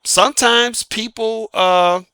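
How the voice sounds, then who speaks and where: A man with a Southern US accent delivers an opinionated monologue, his voice bright and forceful. He stresses each point and keeps asking rhetorical questions that he answers himself. The recording is dry and close, with no room sound. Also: steady tone, takes it slowly, clear, resonant tone, no room sound. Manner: emphatic, asks rhetorical questions and answers them, punctuates points with "boom". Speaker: dating advice channel host.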